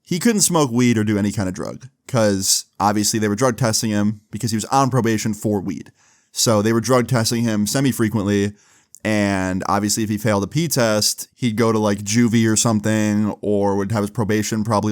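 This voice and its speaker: Man with a low voice and a dry, close sound, relaxed and profane, for a storytime vlog. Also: a little fast, no echo. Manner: laid-back, swears often, fills with 'like'. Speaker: storyteller vlogger. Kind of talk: casual storytime.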